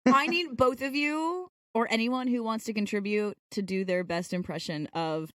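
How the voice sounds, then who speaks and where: A woman's voice: on the high side, moderate pace, no room sound, clean studio sound, far from the mic. A woman co-hosting a podcast, giggly and laughing through casual chat. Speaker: podcast co-host.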